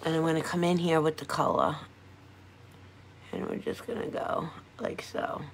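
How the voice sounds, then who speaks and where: A woman's voice: low-pitched, big pitch swings, moderate pace, vocal fry, a little hiss or hum. A middle-aged woman chatting casually with viewers on a live stream as she does her makeup, giggling and talking to her audience as she goes. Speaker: makeup vlogger.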